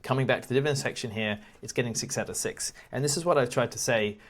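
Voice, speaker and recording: A man walking through stock reports on screen as an investing educator, in a casual, halting way, often repeating words and chuckling now and then. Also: medium pitch. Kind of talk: screen-share walkthrough.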